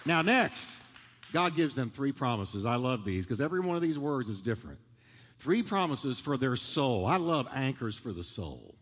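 A man's voice: medium pitch, big pitch swings, moderate pace, husky. A man preaching a sermon to a congregation in a church, leading them in call-and-response and building in fervor. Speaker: pastor. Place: large church sanctuary. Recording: long hall reverb.

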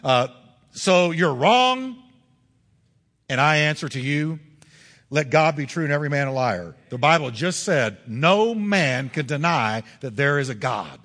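A man's voice: mid-range voice, lively intonation, moderate pace, a bit bright. Emphatic preacher man in a reverberant church. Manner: emphatic preacher, rising and falling with rhetorical questions. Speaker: pastor. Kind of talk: sermon. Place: church sanctuary.

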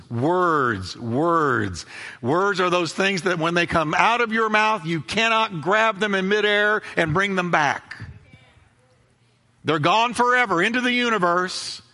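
A man's voice: fairly high pitch, pushed and bright, big-room sound. A man preaching a sermon as pastor, emphatic, repeating key phrases and acting out both sides of conversations.

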